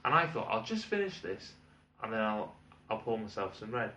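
A man's voice: fairly low pitch, very animated, moderate pace, pushed and bright. A British man telling a long, exasperated restaurant anecdote in casual chat, rambling and swearing as he rants. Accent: British English. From Britain. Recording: roomy, distant, dull lo-fi sound.

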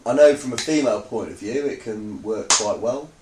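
A man's voice: on the low side, lively intonation, moderate pace, a little mellow, distant mic, slight background noise. A man co-hosting a podcast, casual and hesitant, with a dry sense of humor. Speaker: podcast co-host. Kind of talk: casual chat. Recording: roomy sound, somewhat off-mic.

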